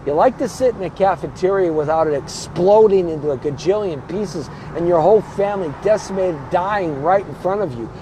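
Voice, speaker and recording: A man's voice: sits high, a little fast, hardly any pauses, background noise. A man hosting his own show, delivering a blunt political rant built on repeated rhetorical questions. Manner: emphatic, hammering rhetorical questions; blunt and combative. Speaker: show host.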